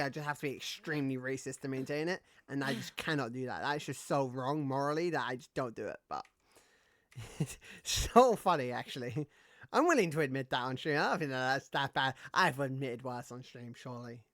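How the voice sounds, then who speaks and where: A man's voice: medium pitch, a bit bright, dry recording. A man streaming a video game, chatting casually in a rambling way, full of fillers and swearing. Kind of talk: casual gaming stream chat.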